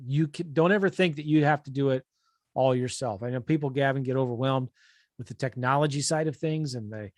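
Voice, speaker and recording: A man's voice: medium pitch, brisk, dry recording, studio quality. A man hosting a real estate coaching talk, speaking in a conversational way and acting out what people think in quoted bits. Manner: animated, acts out people's thoughts in quotes. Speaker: real estate investing coach and show host.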